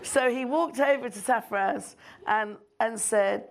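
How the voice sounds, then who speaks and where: A middle-aged woman, a filmmaker guest on stage, telling an animated anecdote with frequent laughter and mimicry. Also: a little high, a little slow, creaky, some chatter behind, slight background noise.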